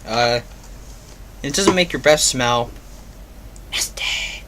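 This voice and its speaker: A man at a middle pitch gives a loose, casual review. He rambles and fills pauses with ums and uhs, and a faint hiss sits under his voice. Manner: rambling, filler-heavy, offhand. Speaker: product reviewer.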